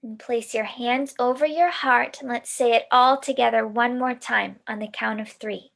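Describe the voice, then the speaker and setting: A woman leading a mindfulness lesson for children, giving gentle, soothing instructions. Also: on the high side, steady tone, normal speed, gravelly. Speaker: mindfulness teacher.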